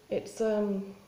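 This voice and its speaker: A woman talking in a spontaneous confessional vlog, halting and rambling with many restarts and fillers. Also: mid-range voice, mellow, reverberant, poor audio. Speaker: vlogger.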